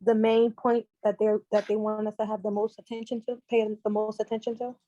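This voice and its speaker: A woman's voice: medium pitch, flat delivery, a little fast, no room sound, highs cut off. A woman student tentatively answering a teacher's question.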